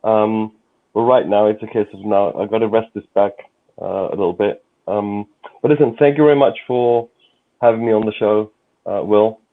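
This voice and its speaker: Londoner on a tinny phone-like line. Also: male voice, on the low side, steady tone, normal speed. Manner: warm, courteous sign-off, repeats words. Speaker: guest on a fan stream. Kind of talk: casual livestream chat. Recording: tinny phone-like call audio.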